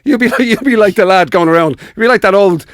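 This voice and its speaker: A man's voice: sits high, fast talker, dry recording, clean studio sound. An Irish man co-hosting a casual podcast, teasing his partner and laughing often. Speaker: radio co-host.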